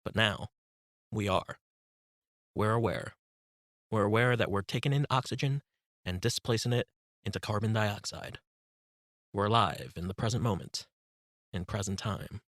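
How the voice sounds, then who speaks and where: A man reading his own guided meditation book in a calm, instructive, unhurried voice. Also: lowish voice, no room sound, clean studio sound. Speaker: author narrating his book. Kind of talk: guided meditation audiobook narration.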